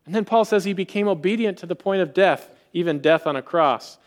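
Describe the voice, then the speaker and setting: Guy preaching a sermon, kinda high voice, gets animated and acts out the quotes. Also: a little fast. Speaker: pastor.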